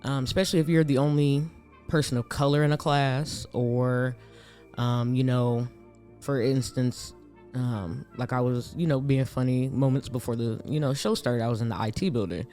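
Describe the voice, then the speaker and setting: A young man from Gary, Indiana, co-hosting a podcast in casual chat, animated and quick to laugh as he acts out other people. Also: mid-range voice, faint music behind. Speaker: podcast co-host.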